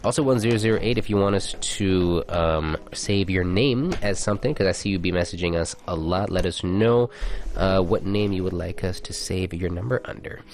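Laid-back woman cohost, super low deep voice, agrees a lot. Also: normal speed, few pauses. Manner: relaxed, agreeable, reads listener messages. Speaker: podcast co-host. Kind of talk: casual chat.

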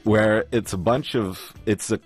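A man's voice: lowish voice, measured pace, soft background music. A man hosting a radio show, chatting in laid-back, rambling, joking banter in the studio. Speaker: radio host. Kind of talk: casual on-air banter.

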